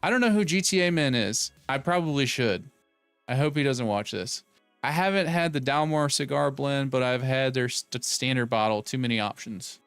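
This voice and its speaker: A man's voice: mid-range voice, animated, moderate pace, a bit bright, smooth, no room sound, faint music behind. A man in his thirties hosting a casual live stream, rambling and joking as he reads chat aloud and riffs on it. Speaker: streamer host.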